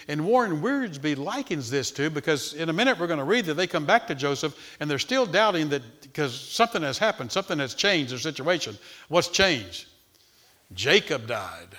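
A man's voice: a little high, pushed and bright. A man preaching a sermon, reading and explaining a passage, often repeating words as he starts a thought. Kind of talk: expository sermon.

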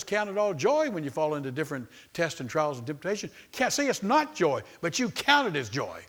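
A man's voice: a little high, a bit bright. A man preaching a sermon, emphatic and repetitive, calling out to the congregation.

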